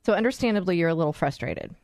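A woman's voice: on the low side, lively intonation, racing, a little mellow, no room sound, clean studio sound. A woman hosting a talk show, addressing listeners in an enthusiastic, storytelling way. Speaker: host.

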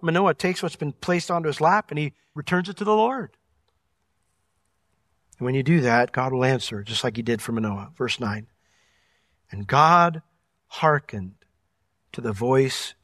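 Animated preacher with a bright, high voice. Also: male voice, unhurried, long pauses, no echo, studio quality. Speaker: pastor. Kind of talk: sermon.

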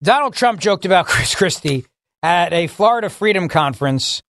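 A man's voice: high-pitched, animated, moderate pace, a bit bright, no room sound. A man hosting talk radio, indignant and emphatic, repeating words for stress. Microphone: studio microphone.

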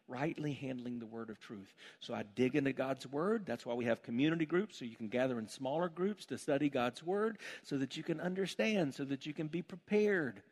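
A man preaching a sermon as pastor, building to emphatic calls and asking the congregation to repeat phrases. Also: mid-range voice.

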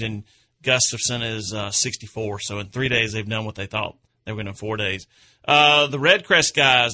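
A man's voice: mid-range voice, pushed and bright. A man hosting an outdoors radio show, chatting in a rambling, folksy way and chuckling at his own stories. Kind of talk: casual radio chat.

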